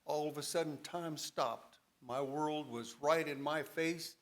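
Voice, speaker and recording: A man stands before a church congregation and tells his own testimony. His voice sits a touch high, and he tells it with drama, rising and falling with the emotion of each moment. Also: steady tone, measured pace. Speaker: church member giving testimony. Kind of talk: personal testimony. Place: church service.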